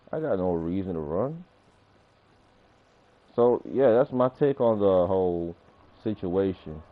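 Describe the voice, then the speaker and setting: A man ranting casually and profanely on a gaming livestream, acting out arguments as he tells a story. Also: sits low. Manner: profane, animated storytelling, acts out confrontations. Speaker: gaming streamer. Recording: tinny phone-like audio.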